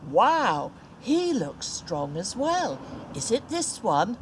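A woman's voice: medium pitch, sing-song, slow pace, noisy background. A woman voicing Samuel, an earnest older prophet, in a children's Bible story. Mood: curious.

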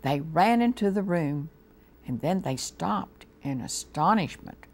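A woman with an American accent reading a storybook aloud to children on a TV show, slow and gently expressive. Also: deep voice. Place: TV studio.

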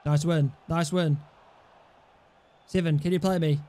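A young man commentating his own football video game play, swinging from low mumbled asides to loud, shouted goal calls. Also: fairly even intonation, a little slow. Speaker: gaming YouTuber. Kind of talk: excitable gameplay commentary.

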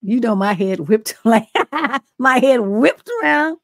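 Middle-aged female advice host, frank and profane storyteller, a touch high-pitched, dry room. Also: animated, slow, vocal fry, no echo. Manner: blunt and profane, tells stories. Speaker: relationship coach and advice show host. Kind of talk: livestream advice talk.

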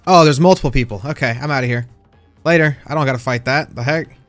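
A man's voice: medium pitch, fast, faint music behind. A man doing casual gameplay commentary, teasing other players and yelping when surprised. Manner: playful trash talk to other players, sudden excited yelps. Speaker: gaming YouTuber.

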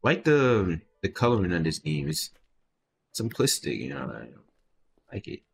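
A young man commentating a game in a casual way, reading the on-screen dialogue aloud and breaking into sudden loud outbursts. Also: low voice, sing-song, measured pace, creaky. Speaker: gameplay video host.

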